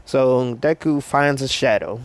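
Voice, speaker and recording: A man's voice: mid-range voice, measured pace, dry recording. A man casually retelling a fan story, rambling with slang and lots of fillers.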